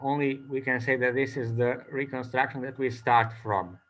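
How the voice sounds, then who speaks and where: A man giving an academic conference talk as a presenter, speaking haltingly with many filler pauses. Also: mid-range voice, little pitch movement, fairly bright tone, highs cut off.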